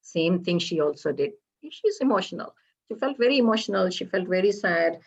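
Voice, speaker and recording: Woman with a low voice telling a legend. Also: expressive, creaky, slightly rough. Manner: halting, explanatory, pauses to ask listeners. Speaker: storyteller for a temple program. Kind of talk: retelling a Hindu legend. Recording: slightly dull lo-fi recording.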